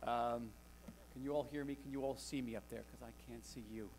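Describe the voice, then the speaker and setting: A man's voice: medium pitch, steady tone, fairly quick, a little mellow, slight background noise. A man speaking to a live audience as a guest author, wry and conversational, telling stories with animation. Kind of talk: public talk to an audience. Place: lecture hall with live audience.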